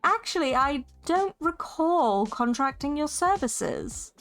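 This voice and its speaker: A woman's voice: sits high, animated, takes it slowly, fairly bright tone, faint music behind, pitched above the performer's own voice, exaggerated voice. A woman voicing a stern, formal female military personal assistant who speaks in a curt, officious way. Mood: stiff, formal.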